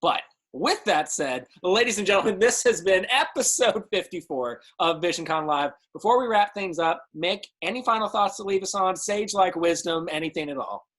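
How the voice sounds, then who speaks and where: A man's voice: high-pitched, lively intonation, normal speed, hardly any pauses, a bit bright. A man hosting an online show, with an upbeat, emphatic sign-off patter. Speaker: host.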